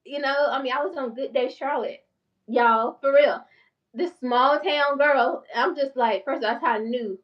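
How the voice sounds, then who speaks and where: A woman in her forties with a country North Carolina accent, talking fast and passionately to her viewers in a casual vlog. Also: sits high, recorded from a distance, muffled recording. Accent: Southern US, North Carolina country. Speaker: channel host and therapist.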